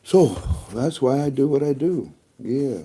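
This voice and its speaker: Man, rambling emotional vlogger, warm and dark tone. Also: medium pitch, measured pace, breathy edge. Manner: rambling and emotional, breaks into laughter. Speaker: video blogger. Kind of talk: casual rambling monologue to camera.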